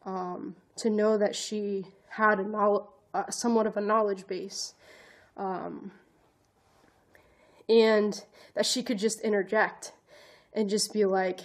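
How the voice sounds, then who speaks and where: A female vlogger, advocate and educator speaks slowly with frequent pauses, her medium-pitched voice showing little pitch movement. Telling a personal story, she is earnest, emotional and self-conscious, rambling with many "like" fillers and restarts.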